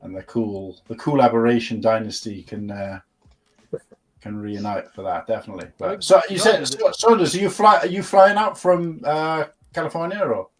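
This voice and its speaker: A man's voice: medium pitch, lively intonation, normal speed. A man co-hosting a live stream, chatting casually and rambling through restarts and fillers. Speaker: co-host.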